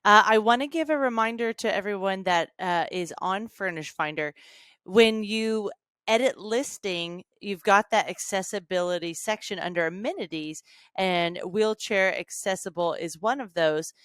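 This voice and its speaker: Smooth, dry-sounding woman host. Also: mid-range voice, moderate pace, fairly bright tone, dry recording. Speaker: podcast host. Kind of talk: podcast interview, wrapping up.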